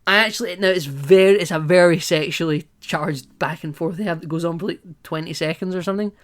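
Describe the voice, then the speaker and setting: A man's voice: fairly high pitch, a little fast, fairly bright tone. A man co-hosting a podcast, chatting casually about a film, rambling and playful with many asides. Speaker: podcast co-host. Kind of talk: casual film-review chat.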